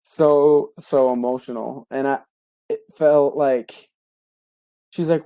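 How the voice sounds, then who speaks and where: Young male podcaster, mellow and dry-sounding, rambling earnest storyteller with lots of "like" and "um". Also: medium pitch, fairly even intonation, no room sound. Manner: halting, many fillers and restarts, heartfelt. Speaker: podcast co-host. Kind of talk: personal story, casual monologue.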